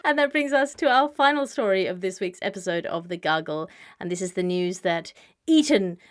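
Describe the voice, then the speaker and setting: A woman hosting a comedic news podcast with dry, deadpan wit, recorded over a video call. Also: mid-range voice, normal speed. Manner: dry, witty, deadpan delivery. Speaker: host. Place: home, remote video call.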